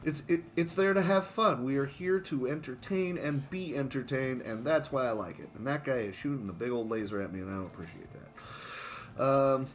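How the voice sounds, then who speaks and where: A man's voice: mid-range voice, moderate pace, slight background noise. Chatty man commenting on his game run. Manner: chatty and self-mocking, with frequent chuckles. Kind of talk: casual gameplay commentary.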